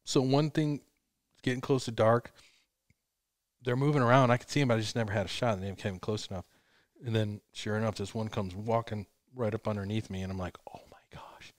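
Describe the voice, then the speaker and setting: A man's voice: on the low side, brisk, no echo, studio quality. A man in his fifties chatting casually, telling stories with energy and acting out what he said back then. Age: 50s. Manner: animated storyteller who acts out his own quotes. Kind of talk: casual chat.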